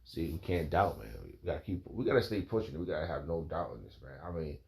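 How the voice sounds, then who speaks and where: An informal preacher with a very deep, slightly mellow voice talks fast and animatedly, rambling and emphatic. He reads scripture and calls his listeners "man" and "bro".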